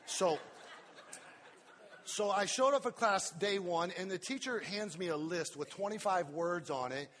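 A middle-aged man preaching a sermon as pastor, swinging from soft drawn-out words to loud emphatic bursts. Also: high-pitched. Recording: long hall reverb.

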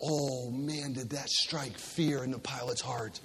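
Give me a bright-toned male preacher, emphatic and dropping low for weight, echoing through a large church hall. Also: fairly even intonation, takes it slowly, creaky, slight background noise. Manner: call-and-response, emphatic, dropping low for gravity. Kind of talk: sermon with scripture reading. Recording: long hall reverb.

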